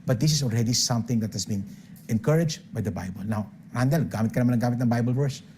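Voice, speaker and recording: Older Filipino-accented male speaker, brisk emphatic seminar delivery, mid-pitched. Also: a little mellow, a little hiss or hum. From Philippines. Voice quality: emphatic, punctuates points with "okay?". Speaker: financial speaker. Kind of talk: seminar talk mixing English and Tagalog.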